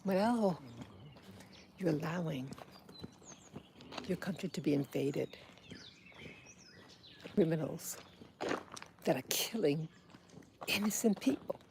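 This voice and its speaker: Slow, gravelly woman in an angry rant. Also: sits low, expressive, background noise. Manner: angry, halting, with pauses and restarts. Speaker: vlogger. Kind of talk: political monologue.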